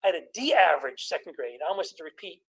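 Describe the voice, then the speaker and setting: A man in his sixties doing a stand-up comedy routine, telling stories about his childhood with quick jokes and impressions of his family. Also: a little high, animated, gravelly, fairly bright tone, husky, poor audio.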